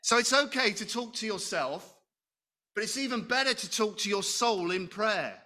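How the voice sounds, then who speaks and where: Bright-voiced middle-aged man preaching. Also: high voice, animated, normal speed. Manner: conversational, asks the congregation questions, self-deprecating humor. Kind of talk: sermon.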